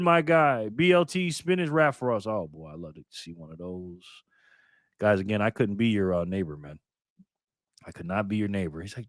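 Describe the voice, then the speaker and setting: A man's voice: medium pitch, lively intonation, fairly quick, no room sound, studio quality. Upbeat older man hosting a live stream. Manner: loud upbeat shout-outs, drops to mutters while fiddling with phone. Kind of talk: casual live stream chat greeting viewers.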